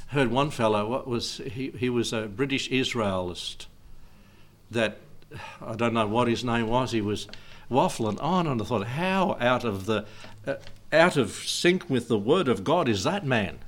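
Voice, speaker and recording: A man's voice: medium pitch, expressive, unhurried. Chuckling, rambling male pastor. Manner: chatty and digressive, chuckling often between points. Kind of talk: informal sermon.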